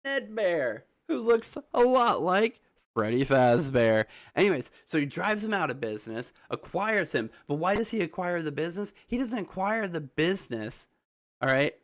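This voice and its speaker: A man's voice: on the high side, very animated, normal speed. Rambling young man theorizing aloud. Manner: rambling, restarts, rhetorical questions. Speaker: streamer reacting to a video. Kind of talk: casual theorizing commentary.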